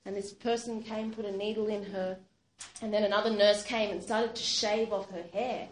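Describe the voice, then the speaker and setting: A woman narrating a story in a loose, chatty way, filling her sentences with little verbal fillers. Her voice sits at a middling pitch. The room echoes and a faint hiss runs underneath. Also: steady tone, normal speed. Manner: conversational, with many fillers like "you know" and "sort of". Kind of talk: spoken storytelling. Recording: roomy echo, faint background noise.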